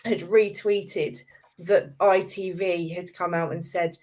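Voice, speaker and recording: A woman's voice: fairly low pitch, steady tone, slow, a little mellow. A woman speaking as a guest on a casual online chat show over a video call, friendly and gossipy.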